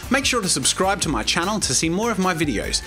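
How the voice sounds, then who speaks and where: High-voiced enthusiastic male game streamer. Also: big pitch swings, bright, forceful tone, faint music behind. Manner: enthusiastic, chatty, quick asides. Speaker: host. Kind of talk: game let's play commentary.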